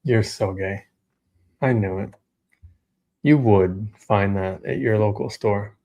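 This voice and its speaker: A man with a fairly low voice co-hosting a podcast. He answers with short, dry, teasing comebacks in loose banter. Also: slow pace, mellow. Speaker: podcast co-host. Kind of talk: casual banter.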